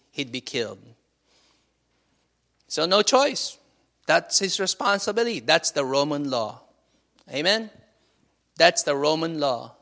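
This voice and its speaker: Bright, gravelly-voiced preacher man. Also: a little high. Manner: call-and-response, asking "Amen?" and laughing often. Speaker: pastor. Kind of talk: sermon.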